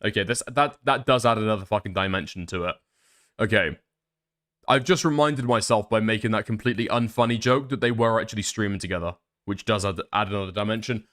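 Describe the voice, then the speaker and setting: A man commenting live on stream as he reads through screenshots. He swears freely and thinks out loud, often second-guessing himself. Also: lowish voice.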